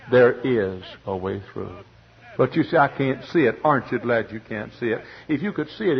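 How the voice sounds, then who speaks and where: A man in his forties preaching a sermon dramatically, swinging between loud bursts and hushed words. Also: fairly low pitch, gravelly. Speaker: pastor. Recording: muffled archival radio recording.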